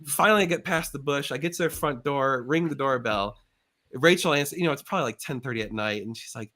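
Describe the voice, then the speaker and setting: A middle-aged man hosting a live show, telling an animated story and acting out the voices in it with big jumps in pitch. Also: a little fast. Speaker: show host.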